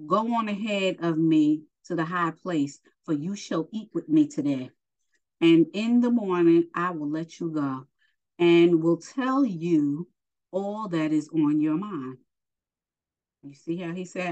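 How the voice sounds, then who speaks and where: A woman's voice: on the low side, takes it slowly, highs cut off. A woman teaching a Bible lesson, reading scripture aloud and stopping to explain it in casual asides.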